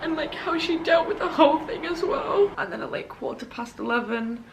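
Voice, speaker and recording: Young woman, own voice, soft and halting, close to tears, gravelly fry, slightly high. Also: lively intonation, noisy background. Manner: soft, halting, tearful, heavy use of "like". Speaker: vlogger. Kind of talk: emotional personal storytelling. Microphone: camera.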